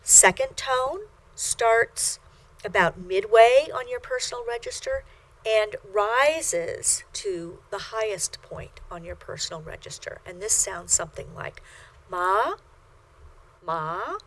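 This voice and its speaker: A woman teaching a recorded language lecture, talking slowly and deliberately with uhs and ums, singing out each example syllable. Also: mid-range voice.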